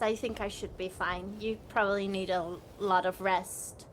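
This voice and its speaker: A woman's voice: medium pitch, level tone, normal speed, a little hiss or hum. A woman playing a tabletop game, speaking playfully as she describes her character's actions. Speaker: player.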